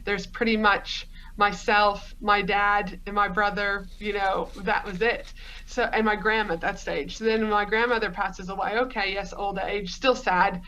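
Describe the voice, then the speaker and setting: A woman's voice: medium pitch, steady tone, a little slow, pushed and bright, dull audio, a little hiss or hum. A woman from Australia, a podcast guest telling her story in a rambling, chatty way. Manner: rambling, storytelling, frequent fillers. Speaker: podcast guest, business coach. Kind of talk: conversational interview.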